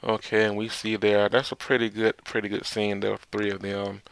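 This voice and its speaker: A man's voice: lowish voice, level tone, a little fast, creaky, smooth, no room sound. A man casually reading manga dialogue aloud and commenting, often repeating words as he goes. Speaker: manga reader and reviewer. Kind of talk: casual read-through and commentary.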